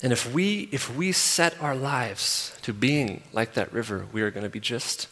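A man's voice: mid-range voice, a little slow. Emphatic preacher man in a big hall. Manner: emphatic, repeats phrases, swings from loud to soft. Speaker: pastor. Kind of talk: sermon. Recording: long hall reverb.

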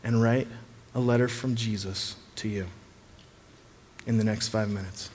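A man's voice: lowish voice, a little slow. Easygoing man preaching in a large hall. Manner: relaxed, joking, inviting. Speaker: pastor leading a service. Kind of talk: sermon. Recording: reverberant hall, faint ambience.

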